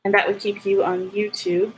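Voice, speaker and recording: A young woman hosting a writing livestream, chatting casually with viewers and getting animated and ranty. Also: mid-range voice, normal speed, slight background noise, low-quality recording. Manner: animated, ranting. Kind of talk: casual chat with live viewers.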